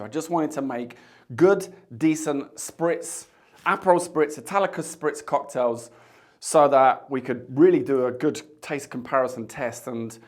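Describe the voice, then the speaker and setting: Chatty man hosting a cocktail tasting. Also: fairly high pitch. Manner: chatty, jokey asides. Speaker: bartender host. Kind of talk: casual tasting chat to camera.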